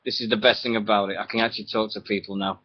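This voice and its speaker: Chatty radio host. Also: male voice, on the low side, rapid-fire, slightly rough. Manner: chatty, rambling, laughs often, animated storytelling. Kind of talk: casual radio chat. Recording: dull lo-fi internet radio audio.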